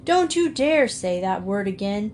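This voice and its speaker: A woman's voice: mid-range voice, big pitch swings, measured pace, darkish tone, slight background noise. A woman voicing a stubborn, hot-tempered big country man who blusters and insists, in a storybook reading. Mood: blustering.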